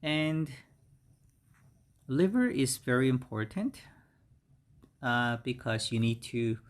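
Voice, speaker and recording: A middle-aged man whose first language is Korean, teaching beginner English vocabulary slowly and repeating each word several times. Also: medium pitch. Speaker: English instructor. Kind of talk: slow beginner vocabulary lesson.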